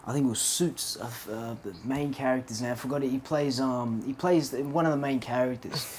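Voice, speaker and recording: A man's voice: mid-range voice, steady tone, fairly quick, darkish tone, slight background noise. A young man co-hosting a podcast, telling stories in casual chat, laughing often and swearing freely. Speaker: podcast co-host.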